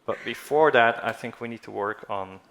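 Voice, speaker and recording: A man speaking as an avionics expert on a conference panel, measured and a little hesitant. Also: mid-range voice, a bit bright, a little hiss or hum. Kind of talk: panel discussion.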